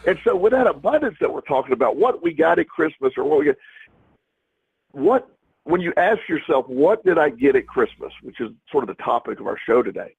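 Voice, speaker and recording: A man's voice: on the high side, sing-song, a little fast, creaky, husky. A middle-aged man co-hosting a podcast in casual chat, rambling with many restarts and repeated words, heard over a tinny phone-like line. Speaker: podcast co-host.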